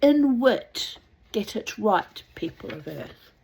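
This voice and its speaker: Slow, husky woman rambling wryly. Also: fairly low pitch, expressive, darkish tone. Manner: rambling, wry, drops into whispers. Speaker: reader. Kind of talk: reading aloud with rambling asides.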